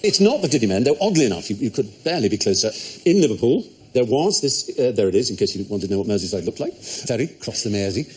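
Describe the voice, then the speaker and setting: A quiz show host telling a wry, playful story to a panel in a TV studio. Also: male voice, medium pitch, sing-song, quick pace, few pauses, a little mellow, husky. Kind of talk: hosting a comedy panel quiz. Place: TV studio with audience.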